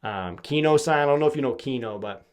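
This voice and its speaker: A man's voice: medium pitch, quick pace. A young man from Massachusetts, hosting a podcast in a casual comedic monologue, swearing freely and acting out quoted lines. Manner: profane, animated storytelling with mock-quoted voices. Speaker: podcast host.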